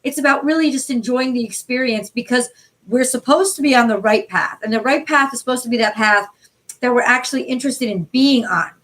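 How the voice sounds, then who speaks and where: A woman with a New York accent reads tarot cards on a casual live stream. Her voice sits high, and she talks bluntly, swears freely and throws out rhetorical questions as she works through the cards. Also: brisk, a bit bright. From USA. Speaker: tarot card reader.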